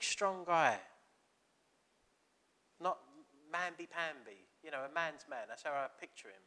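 A man's voice: high-pitched, sharp tone. A man preaching a chatty, storytelling sermon, acting out quoted dialogue.

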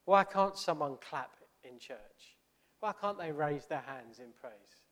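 A man preaching in a church in an earnest, conversational way, often asking his listeners questions. His voice sits a little high, and it trails off into a long church reverb. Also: expressive, slow, a bit bright. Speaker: pastor. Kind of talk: sermon.

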